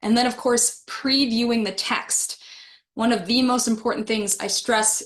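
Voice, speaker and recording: A woman's voice: on the high side, steady tone, a little slow. Woman presenting an online teaching webinar. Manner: friendly, laughs with the chat, reads comments aloud. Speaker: webinar presenter for adult educators.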